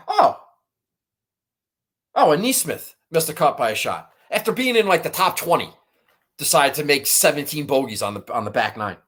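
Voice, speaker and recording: A man with a somewhat high voice hosts a casual golf betting show. He rambles and swears freely, venting his frustration as he talks through his picks. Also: fairly bright tone. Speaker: golf betting podcast host. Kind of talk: casual chat.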